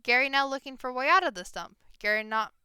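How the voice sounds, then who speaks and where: A woman voicing a loud, excitable childlike goblin man who talks about himself in the third person in broken speech. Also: high-pitched, quick pace, smooth, dry recording, studio quality, pitched above the performer's own voice. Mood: excited.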